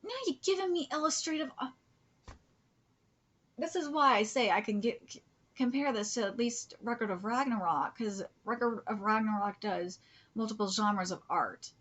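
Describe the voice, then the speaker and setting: A woman streaming a live manga reaction, gushing, cursing freely and often dropping into breathy whispers. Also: on the high side, normal speed, fairly bright tone. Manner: gushing, swears a lot, drops into whispers.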